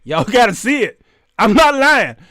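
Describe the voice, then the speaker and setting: A man hosting a comedic commentary show, telling a story in an animated way, laughing often and addressing his viewers directly. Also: very high voice, measured pace, no echo, clean studio sound. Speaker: show host.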